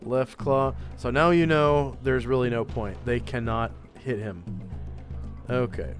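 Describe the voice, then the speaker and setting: A man running a tabletop game in a slow, measured voice of middling pitch. He narrates rolls and results calmly, with faint music playing behind him. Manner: unhurried, measured, with fillers. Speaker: game master.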